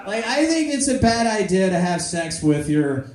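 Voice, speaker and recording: A woman doing a rambling, profane stand-up comedy set, breaking into loud shouted bits. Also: medium pitch, big pitch swings, normal speed, background noise. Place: comedy club with audience. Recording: echoey club room with crowd.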